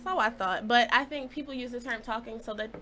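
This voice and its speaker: A woman's voice: on the high side, a little fast, a crowd in the background. A woman guest on a talk radio show, speaking candidly and laughing. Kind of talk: casual talk radio chat.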